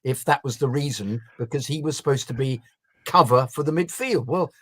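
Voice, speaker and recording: A man's voice: medium pitch, a little fast, a bit bright, husky, dry recording. A man co-hosting a football podcast, musing and giving wry opinions in casual chat. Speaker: podcast co-host.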